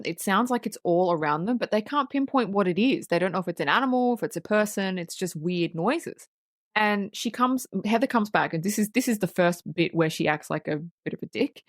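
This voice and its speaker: Woman, podcast co-host, casual plot recap, blunt, swears, mid pitch, dry close sound. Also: no echo.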